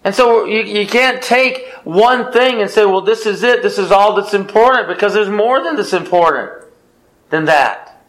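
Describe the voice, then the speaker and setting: A man teaches a small Bible study group in a fairly high voice. He stresses his points by repeating phrases, restarting his sentences and asking questions that he answers himself. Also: normal speed, a bit bright, poor audio. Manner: repetitive, emphatic, answers his own questions.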